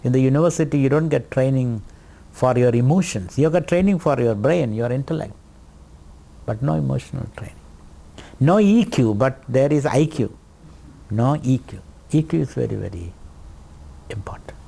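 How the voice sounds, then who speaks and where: A man giving a spiritual lecture on scripture, teaching in a deliberate, repetitive way. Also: mid-range voice, vocal fry, warm tone. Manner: slow, deliberate teaching with repetitions and light laughter.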